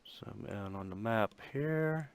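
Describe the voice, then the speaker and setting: A man narrating a tabletop game as game master, in a slow, halting way with many fillers. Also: on the low side, expressive, noisy background.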